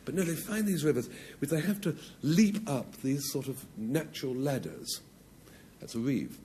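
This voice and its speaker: Animated, quipping team captain. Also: male voice, mid-range voice, moderate pace, a little hiss or hum. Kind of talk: witty panel-game banter.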